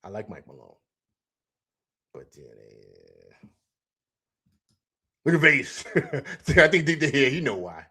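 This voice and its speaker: A man's voice: mid-range voice, big pitch swings, slow, long pauses, pushed and bright, husky. A man hosting a casual live sports talk stream, loose and chatty, repeating himself, laughing often and reading out viewer comments. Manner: reads out chat comments. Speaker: sports talk show host.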